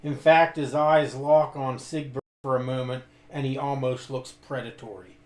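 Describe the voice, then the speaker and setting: A man narrating his character in a tabletop game, telling it in a measured way with some hesitations, in an echoey room. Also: medium pitch, little pitch movement. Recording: echoey room with faint ambience.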